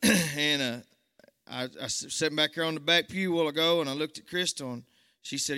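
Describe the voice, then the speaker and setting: A man's voice: fairly high pitch, a little fast, clear, resonant tone. A nervous man, giving a church testimony that swells into fervent preaching. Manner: Southern country speech, swells to fervent shouts. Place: church sanctuary. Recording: long church hall reverb.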